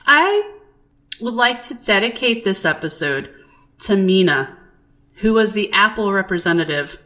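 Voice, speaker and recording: A woman co-hosting a podcast, chatting casually and telling stories in an animated, profane way. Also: medium pitch, a little slow. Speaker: podcast co-host. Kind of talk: casual chat.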